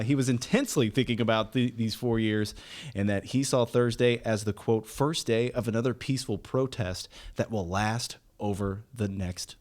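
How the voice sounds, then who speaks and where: Male co-host, mid-pitched, lively intonation, wry quote-reader. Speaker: podcast co-host. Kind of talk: reading news quotes on a talk show.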